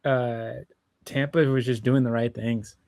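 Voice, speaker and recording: A man's voice: mid-range voice, little pitch movement, unhurried, darkish tone, dry recording, clean studio sound. A young man co-hosting a sports podcast, talking casually and hesitantly with many fillers. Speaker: podcast co-host.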